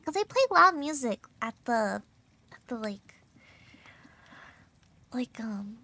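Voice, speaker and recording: A woman's voice: on the high side, expressive, slow, sharp tone, no echo. A young adult woman VTuber streamer in casual chat, bubbly and giggly with lots of filler words, her throat a little sore and strained.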